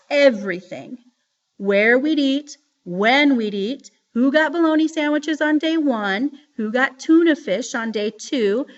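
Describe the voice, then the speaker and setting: A woman reading a novel aloud in a lively storytelling manner. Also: on the high side. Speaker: reader. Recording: dull lo-fi recording.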